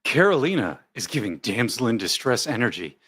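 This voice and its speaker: A man's voice: medium pitch, sing-song, a little fast, crowd noise. A man hosting a casual live commentary stream, joking, rambling, and reading viewer comments aloud.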